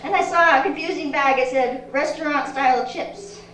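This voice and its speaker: A woman doing a stand-up comedy set in a club, delivering deadpan one-liners with halting restarts. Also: high voice, slight background noise. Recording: roomy live room from far mic, audience laughter. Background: audience laughter.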